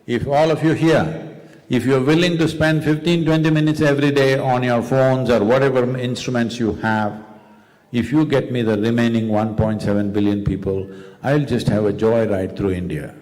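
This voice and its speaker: A man's voice: mid-range voice, fairly even intonation, moderate pace, a little mellow. Man prodding an audience in a big hall. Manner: rhetorical, prodding the audience with questions. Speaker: spiritual teacher. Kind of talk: live public talk. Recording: long reverb of a large hall.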